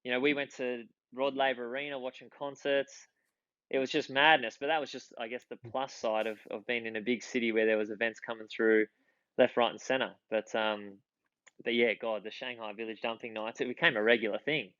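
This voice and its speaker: A man's voice: mid-range voice, level tone, fairly quick, fairly bright tone, no room sound, lo-fi sound. A man in his thirties with an Australian accent, a podcast guest chatting casually and telling rambling anecdotes full of restarts. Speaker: podcast guest, former footballer. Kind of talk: casual chat, storytelling.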